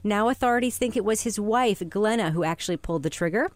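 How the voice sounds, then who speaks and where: A woman's voice: mid-range voice, fast, dry recording. A woman hosting a podcast, chatting casually and reading news items with a wry edge. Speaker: podcast host. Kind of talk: casual chat.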